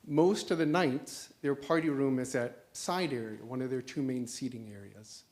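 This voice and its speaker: A man's voice: medium pitch, normal speed, a little mellow. Man explaining details into a handheld mic. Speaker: resident giving public comment. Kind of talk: public comment at a council meeting. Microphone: handheld microphone.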